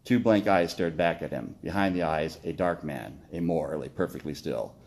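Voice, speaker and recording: A man reading his own story aloud, steady with occasional slips and self-corrections. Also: rumbling low, moderate pace.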